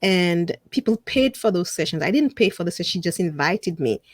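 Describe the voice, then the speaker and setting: A woman guest on a casual interview podcast, telling her stories in an animated way, acting out what people said and laughing often. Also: on the low side, fairly quick, no echo, studio quality. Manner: animated storyteller who acts out quotes and laughs often. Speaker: podcast guest and fellow podcast host.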